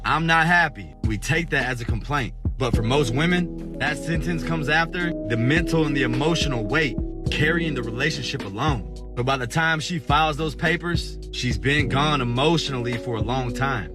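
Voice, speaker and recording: A man giving an earnest, measured monologue in a reflective voice-over. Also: mid-range voice, over music.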